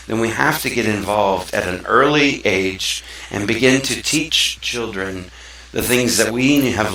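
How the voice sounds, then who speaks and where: A lower-pitched man with a bright, forward edge, talking earnestly and loosely like a show host. He sits some way back from the mic in a very echoey room. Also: distant mic. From South Mississippi, USA. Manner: earnest, rambling, conversational. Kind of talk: casual talk-show monologue.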